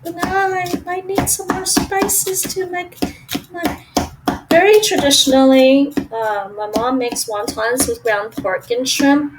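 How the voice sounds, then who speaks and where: A woman's voice: high voice, takes it slowly, distant mic, very noisy. A woman, chatting casually and thinking aloud while she cooks at home and answers her stream chat. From Toronto, Canada. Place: home kitchen.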